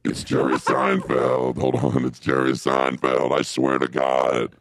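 A man voicing a deadpan prank caller who insists he is a celebrity, in a very deep, gravelly devil voice. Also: measured pace, exaggerated voice. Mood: insistent deadpan. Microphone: phone call into the show.

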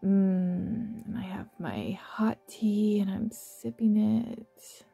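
A woman with a mellow, slightly gravelly voice narrates a guided visualization. She talks softly and tenderly, with small gentle laughs, over faint background music. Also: medium pitch, steady tone. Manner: soft, slow and affectionate, with gentle laughs. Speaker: meditation guide.

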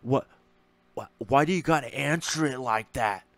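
A man's voice: medium pitch, moderate pace, fairly bright tone, no echo, natural voice. A man mimicking a stammering, confused young man who answers defensively, in a whiny mocking tone.

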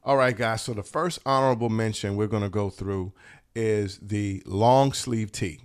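A man hosting a channel for t-shirt sellers, talking casually and enthusiastically, in a relaxed, slangy way with plenty of swearing. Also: fairly low pitch, normal speed, clear, resonant tone. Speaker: host of a t-shirt business channel. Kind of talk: casual talk showing shirt designs.

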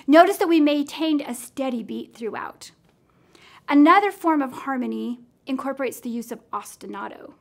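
A middle-aged American woman with a clear, encouraging manner, teaching teachers how to guide children's singing. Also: sits high, expressive, normal speed. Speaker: music teacher trainer. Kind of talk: instructional demonstration.

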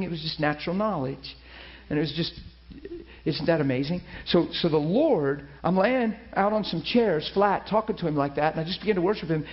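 A middle-aged pastor tells his own story from the pulpit, acting out what people said and stumbling back over his words. His voice sits a little high. The church recording sounds dull and lo-fi. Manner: storytelling, animated quoting with many restarts. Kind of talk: sermon testimony.

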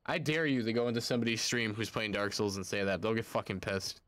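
Excitable, swearing male streamer. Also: fairly low pitch, no room sound. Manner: excitable and profane, quick to swear. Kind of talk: casual gaming commentary.

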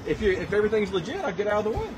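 A man working as a police officer, questioning someone in calm, procedural terms. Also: sits high, rapid-fire, crowd noise.

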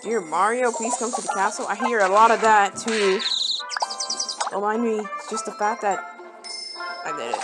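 A woman giving rambling, casual game commentary, breaking into sudden excited exclamations. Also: on the high side, measured pace, pauses often. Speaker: gameplay commentator. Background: game music.

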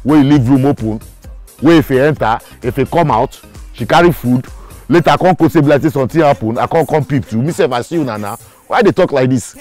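An actor with a Nigerian accent playing a boisterous, teasing roommate in a Pidgin film comedy. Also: male voice, mid-range voice, brisk, darkish tone, faint music behind, close to an everyday voice. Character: teasing joker roommate, loud and playful.

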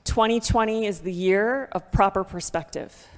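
A heartfelt woman shares a testimony into a handheld microphone, her mid-pitched voice carrying a long reverb through a church sanctuary. She speaks loudly, laughs easily and wears her emotions openly. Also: moderate pace. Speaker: guest speaker sharing a ministry testimony.

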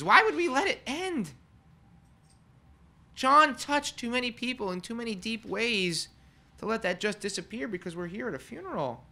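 A man serving as funeral celebrant, giving an earnest, heartfelt eulogy in a conversational manner with pauses. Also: high-pitched, sharp tone. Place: funeral home chapel.

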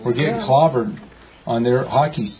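A man's voice: medium pitch, normal speed, crowd noise. Casting note: a man entertaining a meeting, telling a joking story and playing all the parts, on a dull recording. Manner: joking, colloquial, acts out dialogue. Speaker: speaker at a meeting. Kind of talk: storytelling to a live group.

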